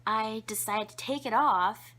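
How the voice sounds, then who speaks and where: A woman's voice: a little high, a little slow, sharp tone. A young woman telling embarrassing childhood stories to camera, chatty and giggly, with lots of fillers and whispered asides. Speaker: vlogger. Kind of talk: casual storytelling to camera.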